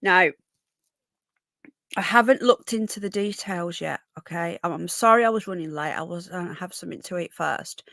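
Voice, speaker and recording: A woman's voice: lowish voice, moderate pace, gravelly, a bit bright, no room sound. Chatty woman live streaming. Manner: chatty, rambling, self-interrupting. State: coughing. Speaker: livestream host. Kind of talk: casual live stream chat. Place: home room.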